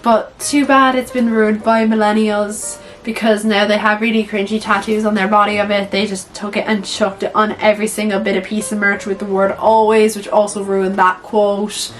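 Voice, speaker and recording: A young woman talks through her film rankings in a loose, chatty way, leaning on fillers and dropping swear words. Her voice sits in an ordinary middle register. A little music plays quietly behind her. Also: medium pitch, flat delivery, moderate pace, few pauses, low-quality recording. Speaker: vlogger reviewing films. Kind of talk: casual tier-list commentary.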